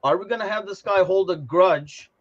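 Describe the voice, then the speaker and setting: A man hosting a casual fan podcast, talking in a thoughtful, measured way that trails off. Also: sits high. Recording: slightly dull lo-fi audio.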